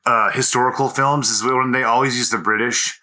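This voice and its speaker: A man's voice: mid-range voice, steady tone, pushed and bright. A man co-hosting a comedy podcast in easygoing casual chat, restarting phrases and riffing on silly ideas. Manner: easygoing, halting restarts, goofy riffs.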